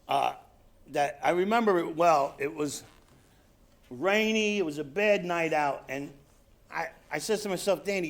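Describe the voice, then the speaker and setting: A middle-aged man from New York telling his own recovery story at a convention, acting out quotes and dropping quiet for emphasis. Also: fairly high pitch. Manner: storytelling with acted quotes, drops to quiet emphasis, laughs at himself. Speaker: recovery speaker. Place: convention hall stage.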